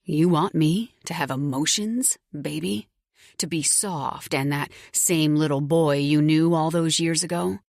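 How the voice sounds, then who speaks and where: A woman voicing a menacing, possessive young man who speaks in a low, slow, threatening way. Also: creaky, a little mellow, no room sound, studio quality. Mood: cold.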